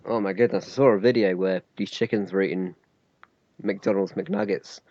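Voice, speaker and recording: Low-pitched male podcast co-host, explanatory and corrective, on a dull lo-fi recording. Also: steady tone, normal speed, mellow, no echo. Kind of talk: casual chat.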